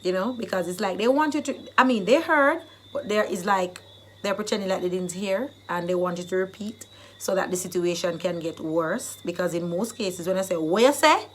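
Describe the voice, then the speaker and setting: A woman with a Jamaican accent who teaches Jamaican phrases in a casual vlog, explaining them and acting them out in lively bursts. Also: fairly low pitch, brisk, a little hiss or hum.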